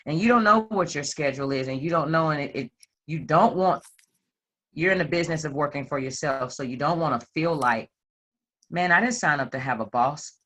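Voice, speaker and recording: A self-employed woman telling a group her personal story with animated, playful delivery and acted-out quotes. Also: sits low, a little fast. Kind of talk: candid personal testimony to a group.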